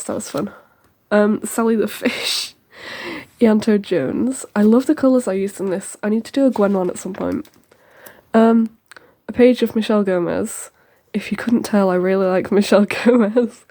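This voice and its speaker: A teenage girl talks her way through her sketchbook in a relaxed, rambling voice-over. Her tone is mellow and warm, at an ordinary pitch for her age. She fills the gaps with ums and tosses in quick side comments as she moves along. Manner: rambling and chatty, with many ums and quick asides. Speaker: sketchbook tour host.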